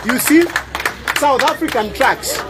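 A man's voice: very high-pitched, a little slow, a loud crowd, very noisy. A middle-aged man with a Zambian accent, a lawyer making an impassioned appeal to camera, repeating himself and tagging lines with "eh?". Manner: emphatic, repeats lines, tags "eh?" for agreement. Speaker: public lawyer.

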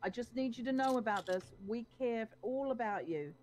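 A woman's voice: on the high side, animated, moderate pace, a crowd in the background. A woman roleplaying a police negotiator in a game, flustered, stammering and overly earnest. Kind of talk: in-character roleplay banter.

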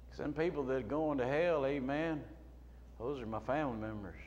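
A middle-aged man preaching a sermon as a pastor, moving between quiet storytelling and loud shouting. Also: mid-range voice, moderate pace, highs cut off. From United States. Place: church sanctuary. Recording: long hall reverb, faint room noise.

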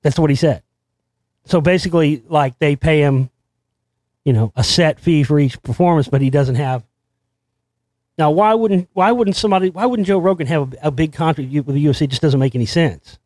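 A man hosting his own show, delivering a rambling, excitable monologue full of restarts and swearing. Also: on the high side, brisk, no room sound. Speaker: show host. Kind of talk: conspiracy commentary monologue.

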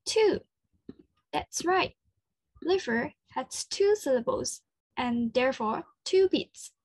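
Aussie woman doing a kids lesson, high voice, kinda husky, dry close sound. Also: lively intonation, no echo. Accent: Australian. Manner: slow, encouraging, praising. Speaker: children's speech clinic presenter. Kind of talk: interactive children's lesson.

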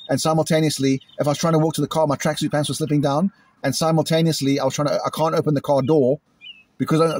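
Agitated, husky-voiced British man, rapid-fire. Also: on the high side. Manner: upset, repetitive, imitates loud bangs. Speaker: vlogger. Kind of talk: agitated monologue to camera. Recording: outdoors in a cemetery.

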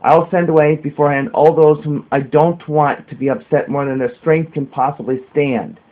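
A man reading the part of a sorrowful male spiritual master who speaks slowly and consolingly. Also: a little high, steady tone, close to an everyday voice. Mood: grave. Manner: slow, solemn, consoling. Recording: dull lo-fi home recording.

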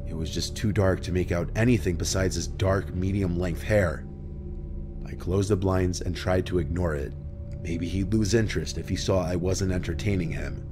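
A man calmly reading first-person horror stories as scripted narration. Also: low voice. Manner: calm, measured storytelling. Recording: narration over background music.

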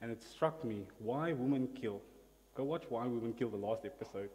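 A man's voice: medium pitch, moderate pace, dark tone, long reverb tail. A man preaching a sermon as pastor, emphatic, asking the congregation to repeat words after him. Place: church hall.

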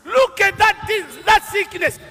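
A man with a Kenyan accent preaching a sermon as a bishop, moving from calm storytelling to shouted declarations at a live church event. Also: very high-pitched, unhurried. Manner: dramatic preaching that swings from quiet storytelling to shouting. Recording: live hall recording with long reverb and faint music.

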